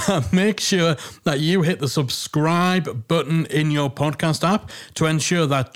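A man's voice: fairly high pitch, unhurried. Chatty Geordie man hosting a podcast. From Northeast England. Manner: chatty, self-deprecating, emphatic. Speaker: podcast host. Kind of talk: casual podcast monologue.

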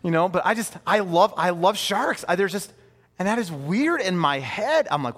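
A man in his thirties preaching a sermon in a conversational, animated way, with playful asides. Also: fairly high pitch, normal speed, long reverb tail. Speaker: pastor.

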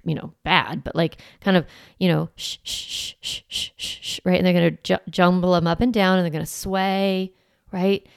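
A woman in her forties talks parents through her ideas on a solo podcast, her voice carrying a steady gravelly fry. She keeps it conversational and lively, tossing in playful asides, and the sound is close and dry with no room around it. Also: medium pitch, no echo. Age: 40s. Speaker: parenting coach and podcast host.

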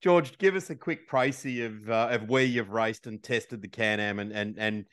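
A man's voice: on the low side, moderate pace, fairly bright tone, smooth, no room sound, clean studio sound. A man co-hosting a podcast, asking a guest casual, loosely worded questions. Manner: casual, stumbling over questions. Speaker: podcast co-host. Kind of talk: interview questions.

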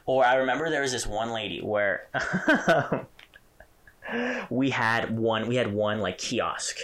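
A man co-hosting a casual podcast, telling an animated story and chuckling as he goes. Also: mid-range voice, slow. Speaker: podcast co-host. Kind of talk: casual chat.

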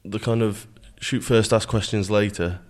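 Earnest guy, real low voice, repeats words as he thinks, studio interview. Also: fairly even intonation, moderate pace. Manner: earnest, reflective, repeats words as he starts sentences. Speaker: guest, security manager.

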